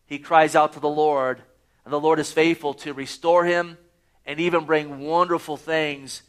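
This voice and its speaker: A man's voice: a little high, little pitch movement, normal speed, clean tone. A man preaching a sermon, reading scripture aloud and pressing his points with rising emphasis. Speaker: pastor.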